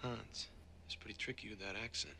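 A man's voice: on the low side, expressive, a little fast, creaky, sharp tone, a little hiss or hum, exaggerated voice. An actor playing a defiant, wisecracking male cop with a sardonic, cocky manner. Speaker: cop in a film.

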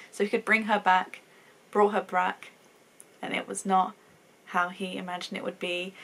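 A woman's voice: mid-range voice, vocal fry, a bit bright. A woman hosting a casual reaction and review video, talking emotionally and exclaiming often. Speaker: reaction channel host.

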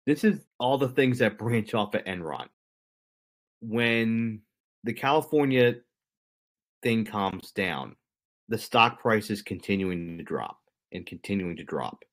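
Man, podcast co-host, casual storytelling, slightly low voice, jokey asides. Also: animated, slow. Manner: conversational, jokey, explains history to co-host.

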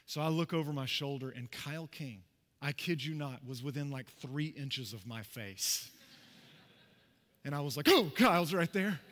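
A man preaching a sermon as pastor, telling a personal story in a conversational, animated way with asides to the congregation. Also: mid-range voice, moderate pace, long reverb tail. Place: church sanctuary.

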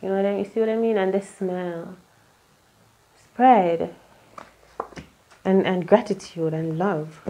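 Mellow-voiced chatty woman reading tarot. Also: medium pitch, fairly even intonation, measured pace, long pauses, slight background noise. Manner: rambling, chatty, with many fillers and asides. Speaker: tarot reader.

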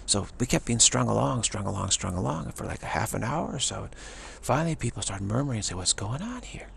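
A man's voice: fairly low pitch, lively intonation, fast, vocal fry, slight background noise. A man, a spiritual teacher, telling a personal story and acting out what other people said.

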